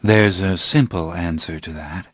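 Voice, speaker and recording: A man voicing a calm, brooding centuries-old male vampire, speaking in a measured, grave way. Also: deep voice, no echo, studio quality. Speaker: narrator.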